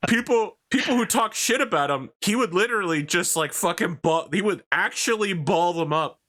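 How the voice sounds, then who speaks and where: A man hosting a game stream, telling profane stories with lively banter. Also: high-pitched, normal speed. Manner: animated, profane storytelling, laughing often. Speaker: host.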